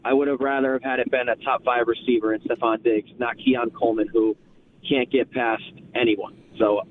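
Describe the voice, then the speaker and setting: A man's voice: mid-range voice, level tone, normal speed. Male caller on a tinny phone line with faint hiss, exasperated rant. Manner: exasperated, vivid ranting. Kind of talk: call-in to sports radio.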